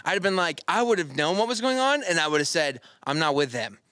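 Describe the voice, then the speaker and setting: A man with a somewhat high, bright voice hosts a casual podcast, trading crude jokes and rambling stories. The sound is dry and close, with no room around it. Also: animated, fast talker, clean tone, no room sound. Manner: crude, joking storyteller. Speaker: podcast host.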